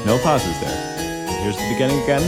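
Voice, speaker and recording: A music educator and host with an expressive, medium-pitched, fairly quick voice leads a music lesson. He explains patiently step by step while playing a keyboard, with harpsichord playing in the background.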